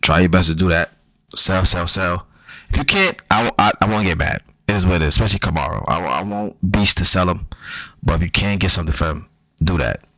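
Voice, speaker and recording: Deep-voiced man giving casual slangy advice. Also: a little fast, a bit bright, dry recording, poor audio. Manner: slangy, loose, repeats himself, frequent ums and curses. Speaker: fantasy football podcaster.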